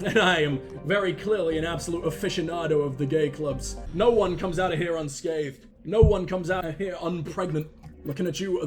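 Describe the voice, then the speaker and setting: High-voiced gamer, crude jokes. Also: male voice. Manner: crude, joking, excitable. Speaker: gaming commentator. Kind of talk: gaming commentary.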